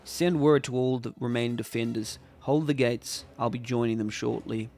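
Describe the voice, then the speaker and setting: A man playing a proud middle-aged king in a game, speaking in a firm, solemn register. He commands and defies in an even, measured way. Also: medium pitch, close to an everyday voice.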